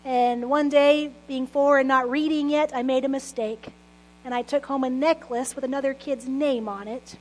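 A woman pastor in her late thirties with a bright, high-pitched voice preaches earnestly. She mixes prayer with personal stories and soft laughs. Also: steady tone, moderate pace, low-quality recording. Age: 30s. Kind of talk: sermon.

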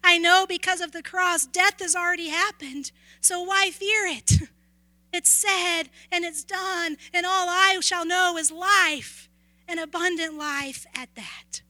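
A woman preacher with a high, very bright and keen voice, recorded close and dry with no room sound. She tells stories in an earnest way and sometimes drops to a near whisper to stress a point. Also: steady tone, a little slow, dry recording. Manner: earnest storytelling, dropping to a hush at key moments. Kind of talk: sermon with personal stories.

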